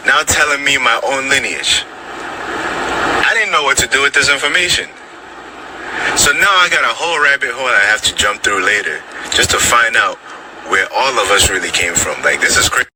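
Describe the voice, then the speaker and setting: A man from Nigeria casually telling a personal story, animated and incredulous. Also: medium pitch, moderate pace. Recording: clip with steady background noise.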